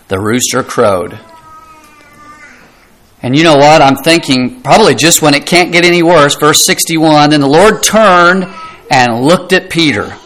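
A middle-aged pastor delivers a sermon with a slightly high-pitched man's voice. He preaches earnestly, leaning on rhetorical questions and sinking into quieter, weighty passages for emphasis. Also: low-quality recording.

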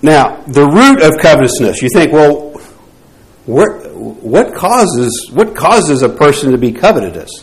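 A man's voice: fairly high pitch, very animated, unhurried, poor audio. A man teaching a Bible class, posing rhetorical questions to the group and often restarting his phrases.

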